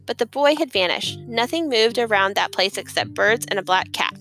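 A woman reading a children's novel aloud as narrator, expressive and lively. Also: fairly high pitch, moderate pace, faint music behind, rough recording. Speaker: audiobook narrator. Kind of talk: scripted storybook narration.

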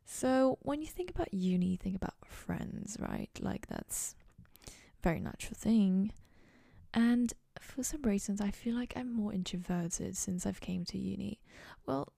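A woman's voice: mid-range voice, animated, measured pace, vocal fry, warm tone, no echo, clean studio sound. A young woman hosting a podcast, chatting casually and rambling in a goofy, self-mocking way from her dorm room. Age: young adult. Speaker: podcast host. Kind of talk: casual solo chat.

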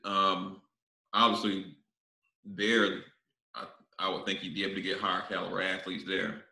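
A male podcast host asks his guest a question and hesitates while he looks for the right words. His voice is low, gravelly and sharply bright. The sound carries a roomy echo. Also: flat delivery, moderate pace. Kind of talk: interview questions.

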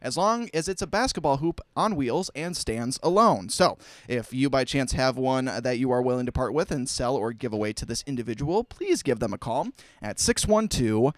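A man's voice: medium pitch, expressive, normal speed, few pauses, no room sound. A man co-hosting a local radio classifieds show in a studio, reading listings and phone numbers with playful, joking banter. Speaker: radio co-host.

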